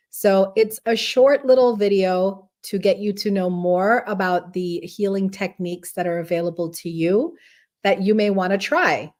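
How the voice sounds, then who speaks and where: A middle-aged woman talks casually to viewers on a wellness livestream show. She is friendly and chatty and often checks in with a quick "right?". She sounds a little out of breath. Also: mid-range voice, a little mellow. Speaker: podcast host and wellness center owner.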